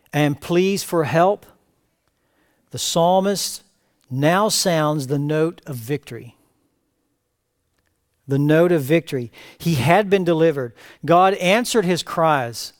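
A man preaching a verse-by-verse sermon as pastor, reading scripture aloud with rising emphatic cries and then dropping to quiet asides. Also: high-pitched. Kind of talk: expository sermon. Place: church sanctuary.

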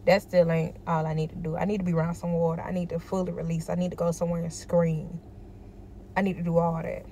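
A woman's voice: lowish voice, mellow, slight background noise. A tired woman in a personal vlog, talking emphatically and repeating herself to encourage herself. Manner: emphatic, repetitive, self-encouraging. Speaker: vlogger.

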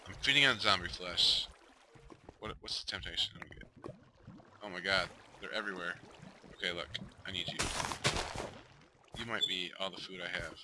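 A man's voice: low voice, moderate pace, pauses often, background noise. A man giving casual, self-talking commentary while playing a survival game, muttering and flaring up in frustration. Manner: talks to himself, mutters, flares up in frustration. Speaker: gamer streaming a survival game.

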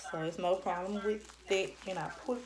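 A woman's voice: medium pitch, moderate pace, darkish tone. A young woman chatting casually to camera as a vlogger, rambling and restarting often, and slightly out of breath.

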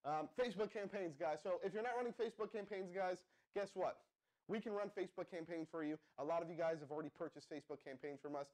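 A man's voice: high-pitched, quick pace, darkish tone. Pumped-up man hosting a live stream. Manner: pumped-up, addresses viewers as guys, asks the chat to respond. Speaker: livestream host. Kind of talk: hyped live-stream marketing pitch.

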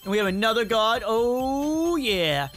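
A young man hosting a gaming video, giving excited play-by-play commentary and crooning over every good pickup. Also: high voice, moderate pace, soft background music. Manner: hyped, croons "oh yeah, baby" at loot.

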